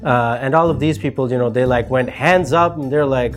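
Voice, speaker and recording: A man's voice: mid-range voice, brisk, faint music behind. A man giving a rambling, casual monologue commentary, full of fillers and mocking asides. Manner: rambling, heavy with fillers, mocking put-on voices. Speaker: political commentator.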